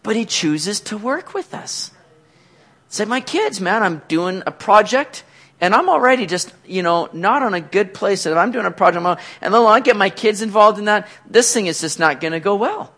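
Male pastor, sermon delivery, bright high register, swings up and down constantly. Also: moderate pace. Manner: animated preaching with shouted acted-out quotes.

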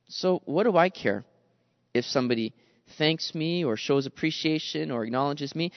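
Preaching an expository sermon in a brisk, animated, conversational way, a pastor addresses his listeners as guys and acts out the complaining voices of the people he describes. His voice is a little high, and the dry, dull recording carries a long reverb tail.

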